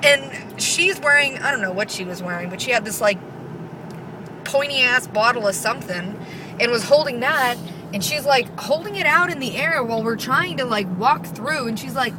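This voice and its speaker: A woman's voice: fairly high pitch, moderate pace, noisy background. A young woman vlogger ranting casually, profane, sarcastic and exasperated. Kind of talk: casual rant.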